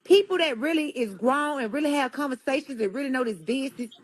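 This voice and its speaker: High-pitched woman, blunt and candid, drives her points home with emphasis. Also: expressive, fast talker. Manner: blunt, emphatic, rhetorical questions. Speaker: guest in a played clip. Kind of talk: candid interview talk.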